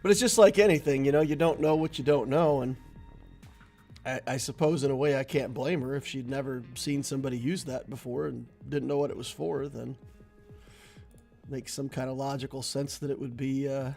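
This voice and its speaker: Regular-pitched guy streaming a game, chatty, laughs a lot, bit of music underneath. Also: steady tone, moderate pace, gravelly, darkish tone. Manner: chatty, laughs often, storytelling asides. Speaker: gaming streamer. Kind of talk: casual gameplay commentary and chat.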